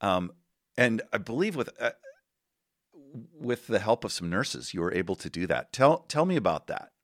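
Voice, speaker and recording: A man hosting an interview, prompting his guest with measured questions. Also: lowish voice, very animated, fairly bright tone, no echo, studio quality. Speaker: interviewer host.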